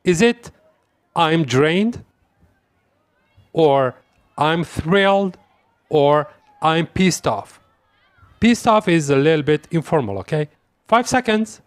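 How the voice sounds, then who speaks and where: Male English tutor running a quiz lesson: unhurried, repeats examples, fairly high-pitched. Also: lively intonation, no echo. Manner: slow, deliberate, repeats example phrases. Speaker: English teacher. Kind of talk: quiz-style language lesson.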